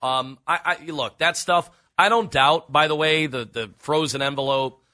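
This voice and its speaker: A man's voice: fairly high pitch, moderate pace, pushed and bright, dry recording, clean studio sound. A man hosting sports talk radio, joking and asking long, rambling questions. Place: radio studio.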